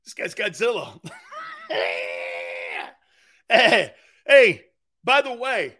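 A man's voice: extremely high pitch, sing-song, measured pace, bright, forceful tone. A man hosting a sports radio show, talking in a rambling, jokey monologue, laughing often and slipping into silly voices. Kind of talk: animated sports talk monologue.

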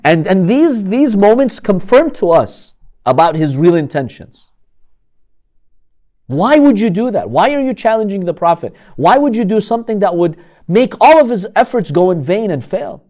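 A man's voice: high voice, big pitch swings, normal speed, warm tone. A man giving a religious history lecture, telling the story dramatically and asking rhetorical questions.

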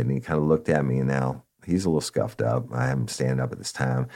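A man's voice: a bass voice, fast, creaky, few pauses, mellow. A man, a former narcotics officer, telling a blunt, profane story in casual talk and speaking to listeners as y'all.

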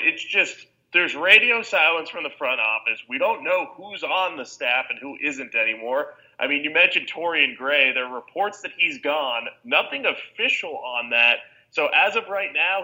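A man co-hosting a sports podcast, giving a steady, analytical take in long, flowing sentences. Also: on the high side, moderate pace, rough recording. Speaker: podcast co-host. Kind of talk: casual sports podcast chat.

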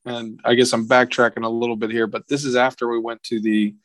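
A young man from tells a story in casual podcast chat. His voice sits mid-range, recorded dry and close. He acts out the quotes in a higher, livelier voice. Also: level tone, a little fast, dry recording. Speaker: podcast guest.

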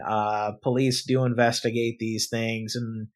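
A man's voice: medium pitch, takes it slowly. Young man telling a story, full of swearing. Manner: animated storytelling, acts out both sides with sudden loud outbursts and swearing. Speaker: podcast co-host. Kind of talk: casual chat.

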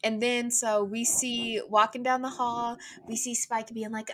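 A young adult woman talks through a podcast episode recap in a sarcastic, giggly way, cutting over her co-host. Her fairly high, somewhat bright voice stays fairly even in intonation, a little slow with few pauses.

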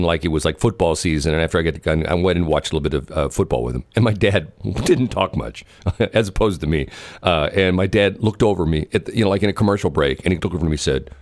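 A man's voice: deep voice, no echo. A middle-aged man co-hosting a talk show, rambling and joking, often repeating himself as he tells stories. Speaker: radio co-host. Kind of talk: casual banter on air.

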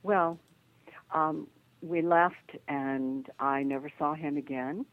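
An older woman, a psychic detective appearing as a guest in a phone interview, tells lively anecdotes and acts out the voices of the people in them. Her voice is low and slow, heard through a tinny telephone line.

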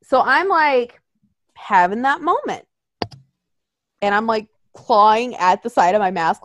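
A woman's voice: fairly high pitch, big pitch swings, normal speed, no echo, studio quality. A young woman telling a story in casual chat, swearing often and acting out quotes in voices.

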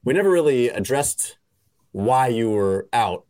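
A man's voice: mid-range voice, animated, a little slow, darkish tone, no room sound, clean studio sound. A man hosting a podcast in casual banter, rambling and joking with lots of "like" fillers. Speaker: podcast host.

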